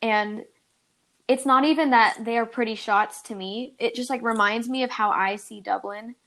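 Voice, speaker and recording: A woman's voice: fairly high pitch, steady tone, normal speed, a bit bright. Giggly young woman rambling in casual chat. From California. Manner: giggly, rambling, lots of "like" and "dude". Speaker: podcast co-host.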